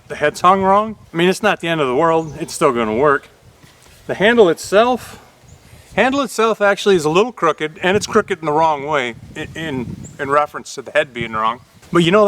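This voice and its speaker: A YouTube host from Upper Michigan casually talks through a new axe on his vlog. His voice is a bit high and bright, with slight background noise, and his manner is plain-spoken, chatty, and folksy.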